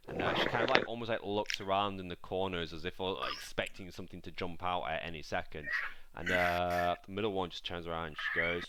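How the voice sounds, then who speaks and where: A man running a tabletop game as game master, narrating in a halting way with many restarts. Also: sits low. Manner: halting, restarts often, laughs at own slips. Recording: loud background noise.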